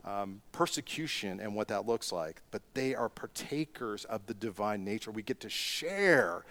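A man's voice: on the low side, expressive, moderate pace, a bit bright. A middle-aged man delivering a sermon as a pastor, asking rhetorical questions and rising into emphatic bursts.

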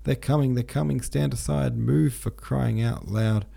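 A man's voice: fairly low pitch, normal speed, gravelly, dark tone. A man reading a cheeky grinning young officer. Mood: breathless. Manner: eager, breathless, cheeky. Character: mocking young male officer, grinning clown.

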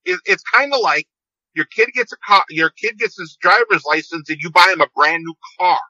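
The speaker is a man in his fifties who runs a seed company, rambling through anecdotes on a podcast phone call and restarting phrases again and again. His high-sitting voice is brisk, bright and forceful. It's a dull, dry phone recording.

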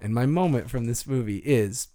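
A man in casual podcast conversation, his voice rising and falling with plenty of movement. He jokes around and laughs easily. His pitch sits in a middle range. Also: normal speed. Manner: jokey, laughs often, lively. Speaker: podcast host. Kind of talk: casual film-discussion chat.

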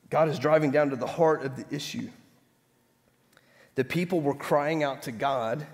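Emphatic preacher in an echoing hall. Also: male voice, a little high. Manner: emphatic, asks the congregation call-and-response questions. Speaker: pastor. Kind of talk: sermon. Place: church sanctuary. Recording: echoey hall reverb.

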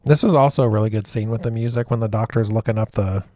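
A man's voice: lowish voice, fast talker, mellow, no room sound, clean studio sound. A man co-hosting a casual film discussion, laid-back, often answering with short agreeing words.

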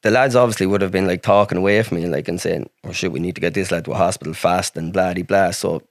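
A low-pitched man from Ireland talks fast as he tells a long personal story on a podcast, rambling, swearing a lot and restarting often in casual storytelling fashion. The studio sound is clean, with no echo.

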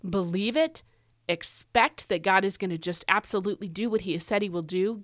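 A middle-aged woman giving casual devotional teaching, earnest and encouraging, pushing her voice up for emphasis and slowing down to read scripture. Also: mid-range voice, fairly bright tone, no echo, clean studio sound. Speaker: devotional podcast host.

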